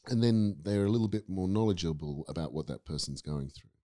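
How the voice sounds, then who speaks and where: An Australian man with an exceptionally deep voice talks through his views on acting in a relaxed podcast chat. He is thoughtful and rambling, often restarting his sentences as he works toward a point. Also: fairly quick. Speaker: guest actor and acting teacher. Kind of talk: casual podcast discussion.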